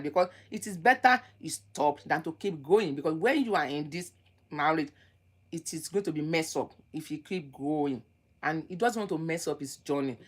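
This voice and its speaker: A woman lectures on relationships in a preachy, emphatic monologue, hammering her points again and again. Her volume lurches between loud outbursts and low muttering.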